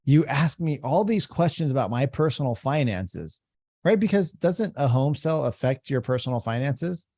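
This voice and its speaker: A man coaching real estate agents in a relaxed, conversational way, often repeating phrases. His tone is mellow and warm, and the recording is dry and close. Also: mid-range voice, normal speed, no room sound. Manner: conversational, repeats phrases, acts out call examples. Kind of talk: reaction commentary and coaching.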